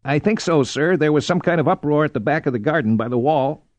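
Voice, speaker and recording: Narrator as a deferential young guard, slightly raised voice, dry, slightly dull audio. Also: male voice, on the high side, fairly quick, darkish tone, dry recording, natural voice. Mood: urgent. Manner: deferential, reporting. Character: young male house guard, dutiful.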